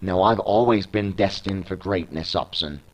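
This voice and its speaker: A man's voice: deep voice, normal speed, poor audio. A young man voicing a boastful, arrogant male wrestler who brags and taunts his opponent. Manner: bragging, taunting.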